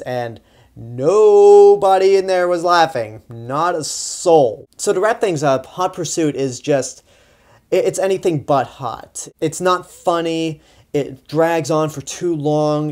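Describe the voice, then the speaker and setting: A man's voice: on the high side, a little mellow. A young man giving a casual, sarcastic movie review, sounding exasperated and rambling with frequent restarts. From Texas. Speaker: film reviewer.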